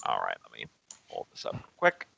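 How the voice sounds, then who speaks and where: A man's voice: brisk, bright, forceful tone, dull audio. A man acting as game master, calling for rolls and describing terrain plainly. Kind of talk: running a tabletop game over a call.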